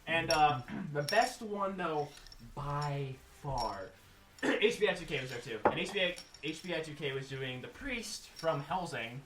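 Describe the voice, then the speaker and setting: A man co-hosting a podcast, telling convention stories in a casual, animated way and acting out the quotes. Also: on the high side, unhurried, over a noisy crowd. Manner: animated, laughing retelling with acted quotes. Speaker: podcast co-host. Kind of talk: casual storytelling chat. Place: room at an anime convention. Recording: roomy, noisy room recording.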